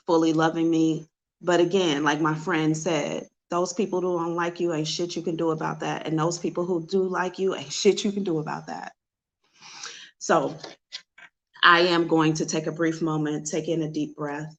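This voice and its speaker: A woman's voice: sits low, flat delivery, normal speed. A woman psychic host giving an emotional, confessional talk to her livestream viewers over a webcam.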